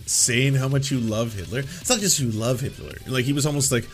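A man's voice: medium pitch, lively intonation, normal speed, soft background music. Profane sarcastic male commentary host. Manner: sarcastic, profane, acts out quotes in mocking voices. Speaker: show host. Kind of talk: casual commentary.

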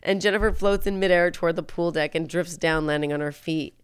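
A woman's voice: lowish voice, a little fast, clean tone, no room sound. A woman casually retelling a film plot in close detail, jumping into the characters' lines as she goes. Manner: animated storyteller, acts out quotes.

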